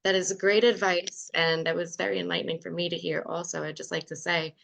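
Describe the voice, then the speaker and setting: A woman hosting a podcast interview, earnest and halting as she thinks aloud. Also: lowish voice, little pitch movement, gravelly, a bit bright. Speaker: podcast host. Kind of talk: casual interview chat.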